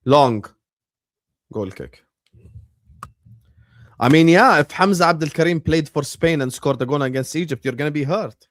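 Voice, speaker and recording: A man hosting a casual live watchalong, chatty and bursting into excited shouts. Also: on the high side, normal speed, long pauses, no room sound. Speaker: livestream host.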